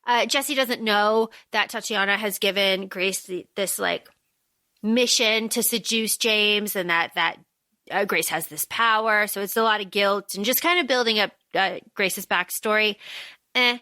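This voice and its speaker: In an unhurried, medium-pitched voice, a woman co-hosting a podcast talks casually through a book, breaking into characters' lines as she recaps. She's animated, and the audio is clean studio sound with no room sound.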